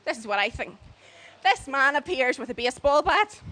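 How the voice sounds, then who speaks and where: A woman tells a story casually and lively, often acting out other people's voices and laughing as she goes. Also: sits high, normal speed. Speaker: storyteller on a church mission trip.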